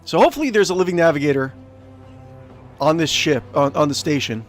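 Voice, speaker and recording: A man's voice: on the high side, lively intonation, brisk, faint music behind. A man casually commentating his own video game playthrough, rambling with lots of fillers. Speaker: let's play host.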